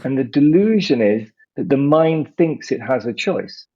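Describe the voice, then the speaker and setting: A man speaking as a podcast guest, measured and philosophical, slowing down to stress ideas. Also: mid-range voice, lively intonation, husky. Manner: measured, philosophical, slows down for emphasis. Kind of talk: reflective interview talk. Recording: muffled lo-fi audio.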